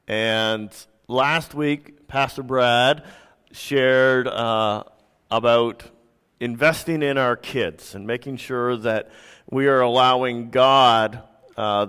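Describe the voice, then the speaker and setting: A man in his thirties, a pastor preaching a sermon with relaxed, self-deprecating stories. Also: mid-range voice, smooth. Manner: conversational, self-deprecating storytelling. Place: church sanctuary. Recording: reverberant church hall.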